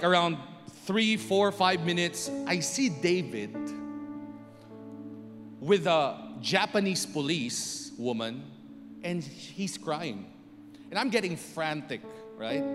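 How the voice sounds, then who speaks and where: A middle-aged man, telling a personal story to an audience and acting out the scenes. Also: fairly high pitch. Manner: animated, acts out scenes and voices. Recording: long reverb with music behind.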